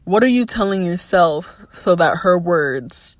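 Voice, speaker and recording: Frank, animated young woman podcaster. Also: on the low side, measured pace, no echo, clean studio sound. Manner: frank and animated, swears freely, laughs between thoughts. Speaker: podcast host. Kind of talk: candid personal podcast monologue.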